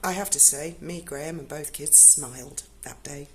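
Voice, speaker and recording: A woman tells a personal story in a casual, unscripted way. Her voice sits low, and her delivery is blunt and emotional, with free swearing. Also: moderate pace, slight background noise. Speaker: vlogger telling a personal story.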